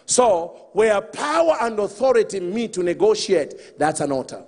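A man preaching a sermon in an animated way, calling out to the congregation and acting out the figures in the story. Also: high-pitched, normal speed, long reverb tail.

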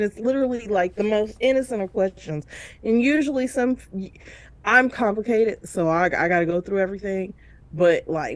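A woman's voice: on the low side, normal speed, dry recording. A woman co-hosting a casual review chat, recounting a painful story and acting out the people in it with big leaps of voice. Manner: emotional storytelling with big voiced reenactments, laughing through tears. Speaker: co-host of a reality show review podcast.

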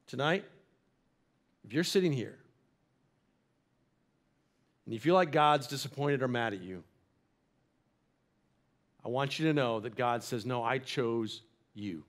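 A man's voice: mid-range voice, animated, measured pace, long pauses. A man giving an earnest, encouraging sermon as pastor in a church. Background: faint instrumental music.

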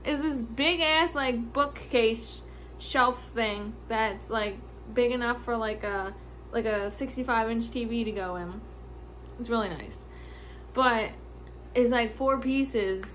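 A woman's voice: a little high, fairly bright tone, a little hiss or hum. A woman vlogger telling a casual storytime about her workday, exasperated, swearing freely and laughing often as she acts out short lines. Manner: acts out customers' lines in quick quoted snippets.

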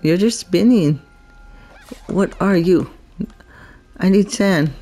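A woman talks her way through a video game in an unhurried, relaxed drawl. Her tone is soft and warm rather than bright, and she chats to the creatures on screen and giggles often. It is casual gameplay commentary. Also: lowish voice, soft background music. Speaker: gameplay vlogger.

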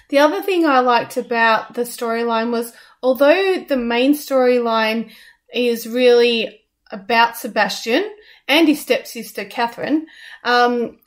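Chatty woman reviewing a show. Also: fairly high pitch. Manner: hesitant, many ums and restarts. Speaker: radio co-host reviewing a musical. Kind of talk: casual review chat.

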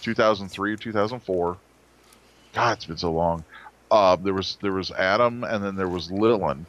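Man, low voice, rambling storyteller, many restarts, dull lo-fi audio. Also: normal speed, a bit bright. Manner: rambling, lots of restarts and quoted dialogue. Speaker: interviewee, 3D model designer. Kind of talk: casual storytelling interview.

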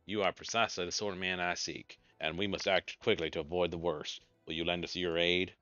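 A man's voice: low voice, little pitch movement, fairly quick, bright, forceful tone, dry recording. A man voicing a formal male traveler from a game, with a put-on American Southern accent, reading the lines solemnly. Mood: earnest. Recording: dull lo-fi mic with faint game music.

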